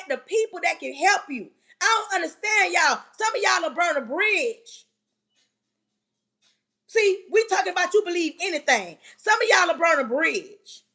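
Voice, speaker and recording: Woman livestream host, high-pitched, preachy and emphatic, scolding rant. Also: bright, forceful tone.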